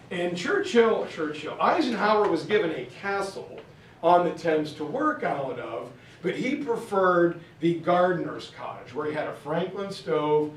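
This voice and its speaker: Animated male lecturer in a roomy hall. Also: on the high side, a little hiss or hum. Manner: animated storyteller acting out quotes. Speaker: history lecturer. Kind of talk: storytelling lecture. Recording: roomy sound from far off.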